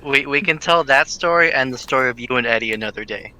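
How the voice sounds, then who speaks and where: A man's voice: medium pitch, quick pace, bright, forceful tone, poor audio. A man co-hosting a podcast, teasing and steering the casual chat. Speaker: podcast co-host.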